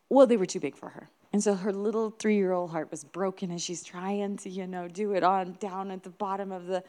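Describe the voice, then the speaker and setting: A woman minister delivers a sermon with earnest emphasis. She stacks phrase upon phrase and presses each point home. Her pitch sits in a middle range. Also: fairly even intonation, fairly quick, few pauses, dark tone.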